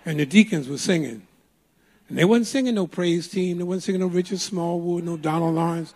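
A man's voice: high-pitched, brisk, vocal fry, a little mellow. An older man preaching a sermon in a church, telling a folksy story with emphatic, playful delivery. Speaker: pastor. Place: church sanctuary.

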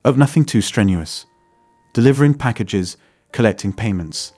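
A man's voice: lowish voice, expressive, normal speed, a little mellow, no echo, soft background music. A man voicing a smug, menacing male loan shark who speaks in a mocking, threatening way.

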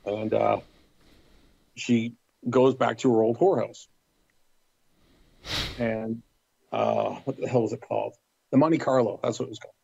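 Gravelly-voiced man telling a wild story. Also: mid-range voice, measured pace, pauses often, no echo. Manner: lively storyteller, acts out quotes. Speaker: podcast guest telling a story. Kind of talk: casual anecdote. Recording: dull lo-fi dry recording.

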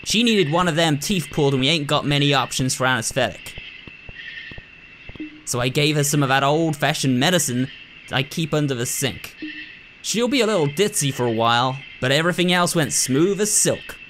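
A man voicing a gruff, bossy anteater woman doctor who talks in a drawling country way. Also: on the high side, animated, moderate pace, a bit bright, slight background noise, low-quality recording.

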